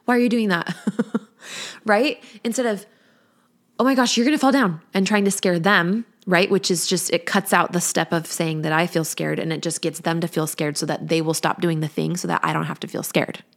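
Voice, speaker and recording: A woman's voice: on the low side, steady tone, moderate pace. A woman in her thirties, a parenting coach, talking candidly and chattily in a reflective podcast chat. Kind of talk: casual podcast talk.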